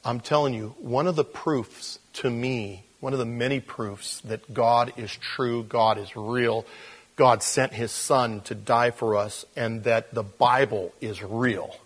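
Husky-voiced man preaching a casual sermon. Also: mid-range voice, slow pace. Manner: conversational, with fillers and restarts; shifts between quiet intensity and animated emphasis. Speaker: pastor.

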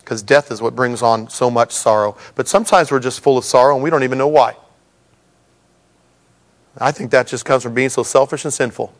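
A man's voice: medium pitch, steady tone, fairly quick. A middle-aged man preaching a sermon in a conversational way, with humorous asides to the congregation. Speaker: pastor.

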